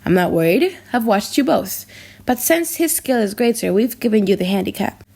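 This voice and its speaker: A woman's voice: mid-range voice, lively intonation, moderate pace, vocal fry, a little mellow, breathy edge. A woman reading the lines of a scheming older king in an audiobook drama, commanding and ceremonious.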